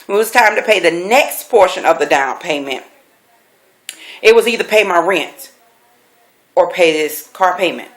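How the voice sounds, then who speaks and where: A middle-aged woman, a life coach, telling a personal story with animated, emphatic delivery, repeating key phrases for effect. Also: on the low side, normal speed, pauses often. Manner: animated, acts out quoted voices; emphatic repetition.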